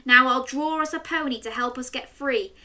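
A woman voicing a brave little girl in a children's story, high and pleading. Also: moderate pace, sharp tone. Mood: urgent.

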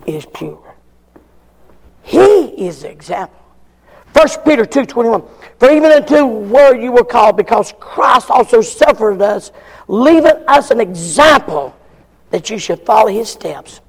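A man's voice: extremely high pitch, gravelly, husky, in a large hall. A man preaching a fervent sermon in a church, calling for amens between points. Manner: fervent preaching with frequent call-and-response amens.

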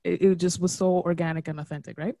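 A woman guest on a podcast, chatting casually and telling a story with lively repeats and frequent laughter. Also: on the low side, fast, no room sound. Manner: animated storyteller, repeats words, laughs often.

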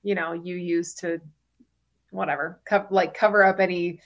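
A woman's voice: on the low side, flat delivery, normal speed, highs cut off. A woman in her thirties sharing her personal story as a podcast guest, chatty, with frequent fillers and laughs between phrases.

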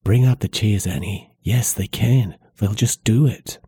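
A man's voice: on the low side, unhurried, mellow, husky, no room sound, studio quality, exaggerated voice. A man reading as a gloomy secretive villager. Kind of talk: read-aloud novel passage.

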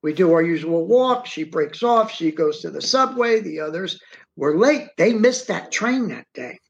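Middle-aged male interview guest, rambling storyteller, unhurried delivery, muffled dull recording. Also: a little high, lively intonation, vocal fry. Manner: rambling and repetitive, recounts in present tense. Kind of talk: first-person storytelling.

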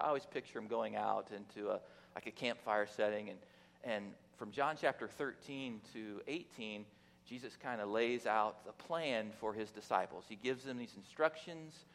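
A guest preacher with a fairly low, creaky, somewhat bright voice delivers a casual, joking sermon from the pulpit at a fairly quick pace. He talks conversationally, often restarting and using fillers. The church sanctuary adds the long reverb of a large hall.

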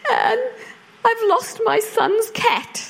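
A woman voicing a tearful, frantic older widowed neighbor in a high, shaky voice. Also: expressive, very slow, vocal fry, exaggerated voice.

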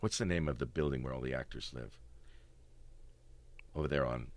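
A middle-aged stage actor telling backstage stories in casual chat, animated and often laughing. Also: male voice, extremely low pitch, normal speed, no room sound.

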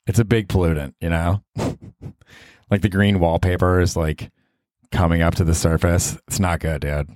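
A man with a deep voice hosts a casual solo podcast from his apartment. He rambles and pokes fun at himself, now and then jumping into mock voices. The sound is close and dry, with no room around it. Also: a little mellow, no room sound. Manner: rambling and self-deprecating, with bursts of mock voices. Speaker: podcast host.

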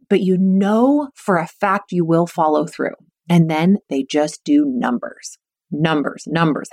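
A woman's voice: fairly low pitch, no room sound, clean studio sound. A woman mental performance coach talking energetically on a podcast, encouraging and acting out what kids and coaches say. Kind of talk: podcast monologue.

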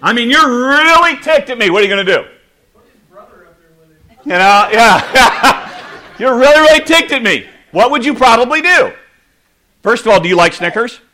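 A man preaching a sermon, playful and animated, acting out little scenes with the audience. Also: extremely high pitch, unhurried, long pauses. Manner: animated, playful, acts out quotes. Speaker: pastor.

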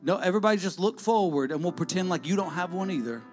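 A man preaching a sermon, who repeats his phrases, calls out to the congregation, and breaks into shouts and sung lines. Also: high voice, expressive, fast talker, soft background music. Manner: call-and-response, repetitive, bursts into shouts and sung lines.

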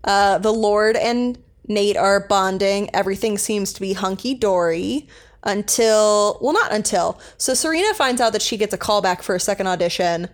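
A woman's voice: medium pitch, moderate pace. A young woman co-hosting a podcast, chatting casually and rambling with lots of fillers as she recaps an episode. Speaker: podcast co-host.

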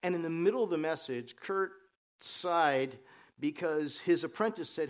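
A male pastor delivers a sermon with a slightly raised pitch. He moves between lively storytelling and quieter, earnest points, and his voice rises and drops as he makes them. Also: moderate pace. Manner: lively storytelling with jokes, voice rising and dropping.

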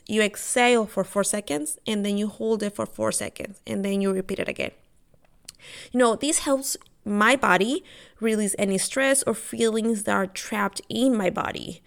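A woman hosting a podcast, a mother speaking earnestly about her own habits. She talks in a personal advice monologue, walking through steps one by one. She often repeats them and restarts her phrases mid-thought. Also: mid-range voice. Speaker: podcast host.

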